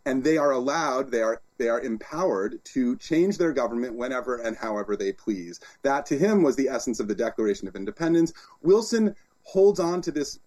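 A man, an author and guest, talking in an interview as an animated storyteller with frequent restarts. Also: mid-range voice, brisk, few pauses. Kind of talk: interview conversation.

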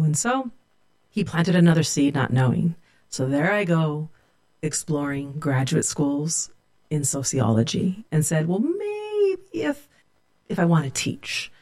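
Professor guest, woman; warm reflective storyteller. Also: low-pitched. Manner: earnest, reflective storytelling with quoted dialogue. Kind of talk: storytelling interview.

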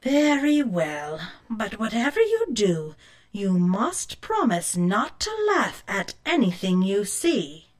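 A woman voicing a stern, mysterious old woman in a storybook, speaking in a measured, warning way. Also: mid-range voice, wildly swooping pitch.

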